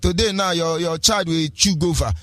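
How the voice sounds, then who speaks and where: A man's voice: on the high side, normal speed, a bit bright, no room sound, soft background music. A man with a Nigerian accent, delivering an impassioned, preachy political radio talk with repeated rhetorical phrases and lapses into pidgin. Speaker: radio broadcaster.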